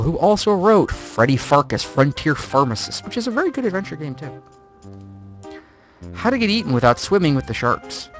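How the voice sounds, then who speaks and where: A man's voice: fairly high pitch, fairly bright tone. A man streaming a video game playthrough, reading the game text aloud with wry, jokey asides. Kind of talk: let's-play narration.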